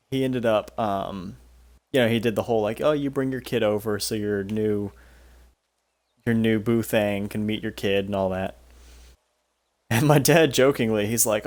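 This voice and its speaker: A young man streaming a game tells rambling, profane stories and laughs often. His lowish, darkish voice is unhurried, with frequent pauses.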